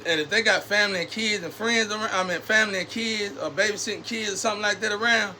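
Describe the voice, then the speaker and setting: A man's voice: sits high, fast talker, hardly any pauses, bright, forceful tone, a little hiss or hum. A man talking straight to camera in a loose, rambling monologue full of street slang, swinging from preachy scolding to personal storytelling.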